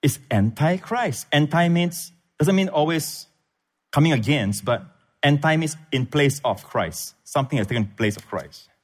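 A man preaching a sermon as pastor, emphatic, swinging between loud peaks and low asides. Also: lively intonation, a little slow. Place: church.

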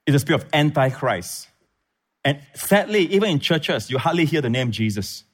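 A man pastor preaching to his congregation in a church. His voice sits a little high and he leans hard on emphasis, rising to loud peaks and falling to quiet asides. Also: very animated, normal speed. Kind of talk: sermon.

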